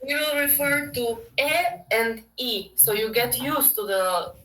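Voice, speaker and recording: A woman's voice: a little high, a little slow, pushed and bright, reverberant, far from the mic, poor audio. A woman from Albania with an Albanian accent, a language teacher patiently correcting pronunciation in an online lesson. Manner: patient, repeats words for the learner to copy.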